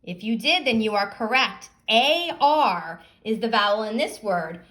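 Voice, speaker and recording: A woman teacher giving a phonics lesson, sounding out words slowly and asking young pupils questions. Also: fairly high pitch, expressive, a bit bright.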